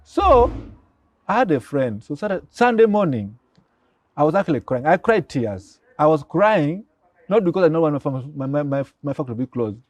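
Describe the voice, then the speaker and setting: An older man with a Ugandan accent, a pharmacy professor guest telling stories excitably and acting out the dialogue. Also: on the high side, moderate pace. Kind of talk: animated storytelling.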